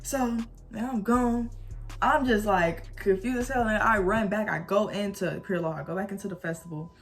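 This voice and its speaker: A woman's voice: medium pitch, moderate pace. A young woman vlogger telling a storytime in a casual, slangy way, acting out the quoted dialogue as she goes.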